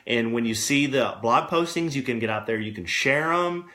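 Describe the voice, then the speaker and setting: A man's voice: medium pitch, animated, normal speed, sharp tone, echoey room. A middle-aged man co-hosting a casual podcast from home, talking in an easygoing, rambling, playful way. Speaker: podcast co-host. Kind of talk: casual chat.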